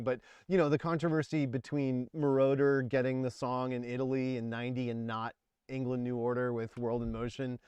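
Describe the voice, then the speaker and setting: A man's voice: medium pitch, clear, resonant tone, no echo. A man in his forties hosting a casual livestream, rambling and laughing as he talks about music. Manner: rambling, chatty, laughs often. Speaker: livestream host.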